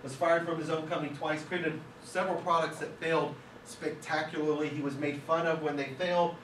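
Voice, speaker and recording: A man's voice: on the high side, steady tone, a little fast, fairly bright tone, slight background noise. A man giving a conversational, story-filled talk as guest speaker to a film school class, picked up by a distant mic. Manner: conversational, anecdotal. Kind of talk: classroom lecture with stories. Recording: echoey room, distant mic.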